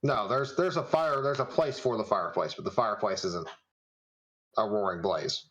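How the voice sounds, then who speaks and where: A man's voice: fairly low pitch, moderate pace, a bit bright, muffled recording. A man running a tabletop game as game master, narrating scenes in a loose way, full of fillers and frequent chuckles.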